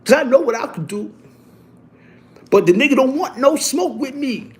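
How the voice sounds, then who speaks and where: A man telling a story casually, in animated and profane street talk that keeps restarting and repeating itself. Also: very high-pitched, normal speed.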